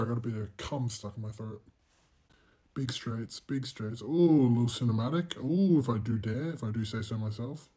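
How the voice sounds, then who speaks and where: A man's voice: medium pitch, slightly rough. Foul-mouthed young man commentating a race. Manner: profane, self-mocking, bursts into loud exclamations. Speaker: gaming channel host. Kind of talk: racing game commentary.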